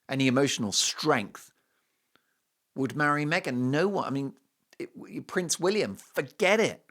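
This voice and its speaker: Scornful, animated male host. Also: medium pitch. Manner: scornful, sarcastic, emphatic. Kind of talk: opinionated commentary monologue.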